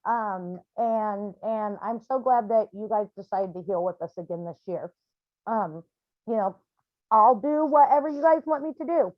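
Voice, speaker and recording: A woman's voice: mid-range voice, normal speed, dry recording. Woman hosting a healing group over a video call: candid, chatty, plenty of ums, dry dull audio. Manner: candid and chatty, with frequent "um" and restarts. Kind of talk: casual talk on a video call.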